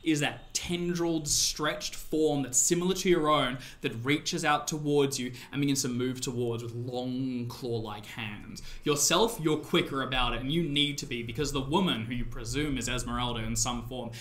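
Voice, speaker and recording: A man's voice: medium pitch, normal speed, hardly any pauses, fairly bright tone. A man running a tabletop horror game as game master, narrating scenes descriptively with loose fillers.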